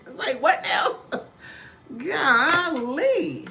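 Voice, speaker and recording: A woman's voice: high voice, sing-song, very slow, pauses often, pushed and bright, a little hiss or hum. A woman giving a spiritual tarot card reading to her viewers. She laughs often and slips in mocking asides.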